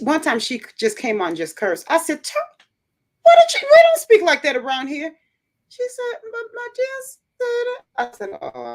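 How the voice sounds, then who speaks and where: A woman hosting a livestream, telling family stories in a casual, animated way and acting out the voices in them. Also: medium pitch. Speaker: livestream host. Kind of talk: casual storytelling chat.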